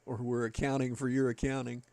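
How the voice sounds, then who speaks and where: Gravelly Southern man chatting casually. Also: mid-range voice, level tone, fairly quick, noisy background. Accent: Southern American. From Southern United States. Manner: folksy, rambling, chatting with viewers. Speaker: game streamer. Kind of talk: casual chat with a live chat while gaming.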